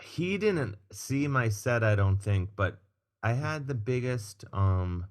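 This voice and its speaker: A man's voice: mid-range voice, expressive, takes it slowly. A man, a comedian and musician guest, telling casual stories on a podcast, swearing freely and acting out the people he quotes. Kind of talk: casual storytelling chat.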